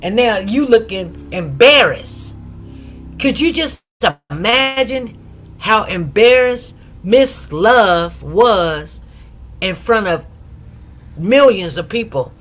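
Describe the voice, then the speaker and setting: Female commentary host, casual and animated storyteller, many restarts and asides to viewers. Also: mid-range voice, takes it slowly. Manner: animated storyteller who acts out quotes in different voices. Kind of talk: casual commentary on a court case.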